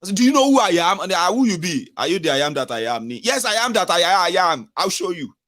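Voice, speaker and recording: A man's voice: sits high, sing-song, racing, voice pushed up. A man mocking a pompous Nigerian official. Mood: pompous, indignant. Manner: mocking, shouting self-importance. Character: arrogant pompous male official, boastful.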